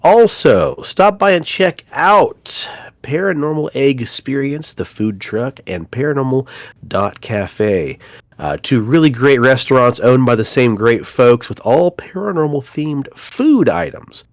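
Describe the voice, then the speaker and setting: A man's voice: mid-range voice, animated, measured pace, no room sound. Stuffed-up nasal podcast man. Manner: laid-back, jokey, swears casually. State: congested from a cold. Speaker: podcast co-host. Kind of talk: casual chat.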